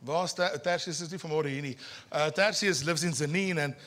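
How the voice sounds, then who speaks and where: A man from South Africa with an Afrikaans South African accent, preaching a sermon at a church service in an animated, teasing way, slowing his words for emphasis. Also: fairly high pitch. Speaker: pastor.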